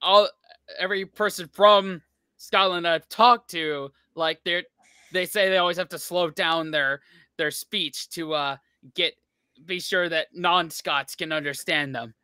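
A man's voice: fairly high pitch, steady tone, measured pace, pushed and bright, clean tone, no room sound, studio quality. An American man co-hosting a reaction video, talking thoughtfully and hesitantly. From United States. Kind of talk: casual chat.

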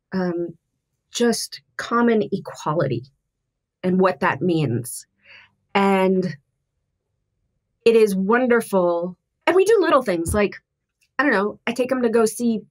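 A middle-aged woman, a podcast guest, talking candidly and thoughtfully with frequent restarts. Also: mid-range voice. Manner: earnest, thoughtful, halting with restarts.

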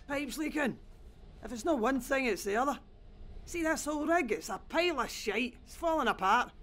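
An actor playing a foul-mouthed, grumbling Scottish oil rig worker in a video game. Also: male voice, very high voice, lively intonation, normal speed, fairly bright tone. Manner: swears and grumbles.

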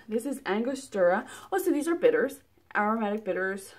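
Woman, product reviewer, casual unboxing vlog, rambling, excitable, medium pitch. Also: brisk, a little hiss or hum. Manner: chatty, rambling, many fillers and restarts; excitable, exclaims at items.

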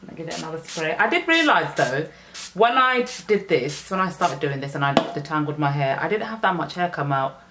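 Young woman, low voice, chatty hair vlog at home, faint hiss behind. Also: big pitch swings, a little fast. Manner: chatty, exclaims and talks straight to the viewers. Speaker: natural hair vlogger. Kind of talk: casual hair care vlog.

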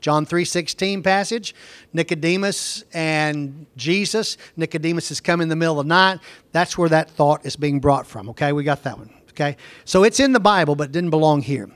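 A man's voice: fairly high pitch, moderate pace, no echo. A man teaching a Bible lesson, reading scripture aloud and explaining it with rhetorical questions to his class.

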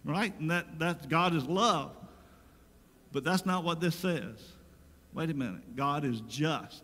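A man's voice: a little high, a little slow, bright, forceful tone. A pastor giving a sermon, reading scripture aloud and talking to his congregation in a conversational way that rises into emphatic preaching. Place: church sanctuary. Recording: long reverb of a church sanctuary.

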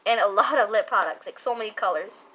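A woman's voice: medium pitch, animated, quick pace, fairly bright tone, husky. A young woman chatting casually as a makeup vlogger, gushing and repeating herself, full of fillers. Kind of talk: casual chat reviewing makeup.

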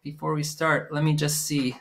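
A man's voice: on the high side, level tone, moderate pace, a bit bright. A man performing as a children's music entertainer, leading preschoolers through a live sing-along with short spoken prompts between songs. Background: his own guitar playing.

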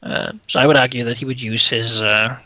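A man's voice: medium pitch, little pitch movement, fairly quick, pushed and bright, no room sound. A man playing a tabletop game online, talking casually and hesitantly with many fillers. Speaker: player.

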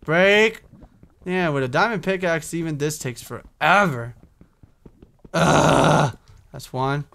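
A man's voice: on the high side, moderate pace, fairly bright tone. A young man giving casual, chatty commentary on his own gameplay, talking to himself, humming and swearing as he goes. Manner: chatty, self-talking, swears, hums while playing. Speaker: gaming YouTuber. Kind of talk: casual Minecraft let's play commentary.

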